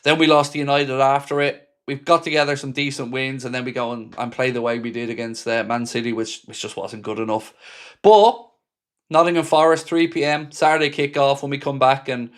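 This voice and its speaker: A man hosts a fan live stream in easy, animated chat. He reads out viewer comments and answers each commenter by name, his pitch sitting in the middle range for a man. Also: brisk.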